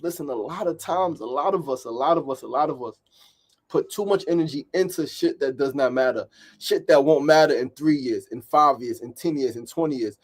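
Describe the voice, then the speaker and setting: A man's voice: medium pitch, a little fast. Middle-aged new guy giving a pep talk, keeps saying right, swears a bit. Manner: emphatic and repetitive, with frequent "right?" and mild swearing. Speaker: podcast host. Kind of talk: motivational daily talk.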